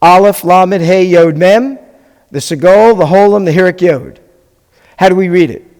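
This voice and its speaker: A man's voice: high voice, normal speed, darkish tone, in a large hall. A man teaching a Hebrew class as a rabbi, patiently spelling things out and checking in often with his students. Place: classroom or hall with a live class.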